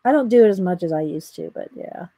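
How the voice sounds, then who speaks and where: Livestreaming from her home art room, a female artist chats casually with viewers and thinks aloud as she draws. Her lowish voice is animated, warm and full of vocal fry, and she talks fast. The recording is rough, with no echo.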